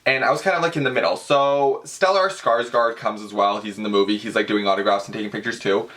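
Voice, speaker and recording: A young vlogger tells a story on his casual vlog, gushing and chatty like a dramatic, excitable fan. He calls his viewers "girl" and drops "like" into every line. His voice is on the low side and quick.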